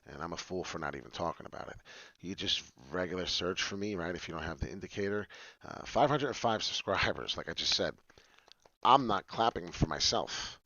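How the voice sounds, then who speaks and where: A man hosting a trading tutorial livestream, talking in an excitable, rambling and self-deprecating way and drifting off topic. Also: low-pitched, dry recording, highs cut off. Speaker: trading channel host.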